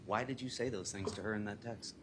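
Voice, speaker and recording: A man's voice: on the low side, a little fast, fairly bright tone. A man working as an attorney in a courtroom, questioning a witness methodically. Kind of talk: courtroom examination. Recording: noisy courtroom audio.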